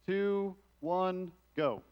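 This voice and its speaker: A man's voice: sits high, slow pace, clean tone, dry recording. A man on a speedrun team at a live event, giving brief practical cues and countdowns. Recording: dull live mic with loud crowd and noise.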